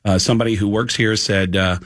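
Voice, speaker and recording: A man, a comedian guest, telling an animated comedy anecdote and acting out the characters. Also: lowish voice, brisk, a little hiss or hum. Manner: animated storyteller, acts out characters.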